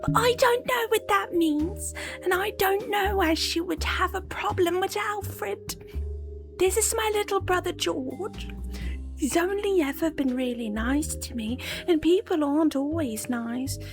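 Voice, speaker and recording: A woman's voice: very high voice, unhurried, faint music behind, pitched above the performer's own voice. A woman voicing a timid eleven-year-old boy in a put-on British accent, small and hesitant.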